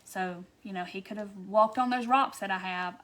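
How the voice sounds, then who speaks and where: A woman's voice: mid-range voice, moderate pace, a bit bright. Chatty woman hosting a craft livestream. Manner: chatty, reads out and answers viewer comments. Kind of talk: casual livestream craft tutorial.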